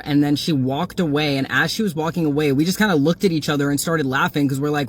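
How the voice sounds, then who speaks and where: A man's voice: a little high, fast talker, few pauses. A young man casually recounting a strange encounter, rambling with lots of "like" and acting out quotes. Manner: rambling, full of "like", acts out quotes. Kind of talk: casual storytime chat.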